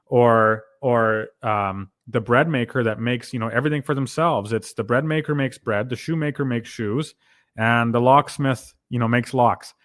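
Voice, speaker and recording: A man's voice: medium pitch, normal speed, a bit bright, no echo. Canadian man lecturing in a dry room. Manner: lecturing, explains with examples, ends points with "right?". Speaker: podcast host. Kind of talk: casual conversational commentary.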